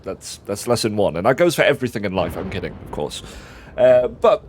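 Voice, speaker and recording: A man's voice: fairly low pitch, big pitch swings, fairly quick, a little mellow, a little hiss or hum. A man hosting a game stream, chatty and teasing, often stammering as he restarts his sentences. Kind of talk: casual let's-play chat.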